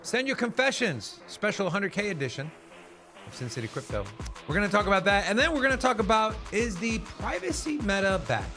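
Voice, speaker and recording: A man co-hosting a casual livestream, teasing and joking with a deadpan edge. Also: sits high, a little fast, soft background music. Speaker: co-host.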